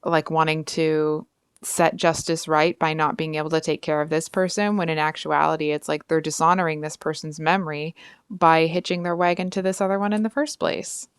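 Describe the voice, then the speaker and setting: A woman with a fairly low, smooth voice talks through a tarot reading in a frank, chatty way. She stacks up fillers and asides. The sound is dry and close. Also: fairly even intonation, moderate pace, no echo. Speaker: tarot reader. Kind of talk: casual tarot reading to camera.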